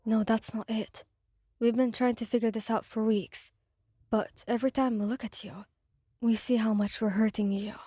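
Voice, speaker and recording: A woman voicing a gentle, pained young man who talks quietly and pleads in an ASMR audio story. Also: a little high, steady tone, moderate pace, slightly rough, dry recording, studio quality. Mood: pleading.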